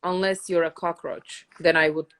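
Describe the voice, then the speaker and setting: A middle-aged woman hosting a podcast, talking in a blunt, excitable, self-mocking way in casual chat. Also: lowish voice, moderate pace. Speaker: host.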